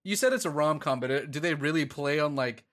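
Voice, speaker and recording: A man's voice: a little high, a little fast, fairly bright tone. A man co-hosting a podcast in a rambling, casual chat, swearing and laughing often. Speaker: podcast co-host.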